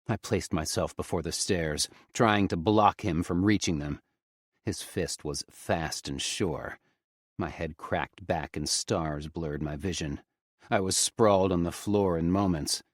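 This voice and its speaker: A male audiobook narrator reading a first-person story in a grave, measured manner on a close studio mic. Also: low-pitched, dry recording.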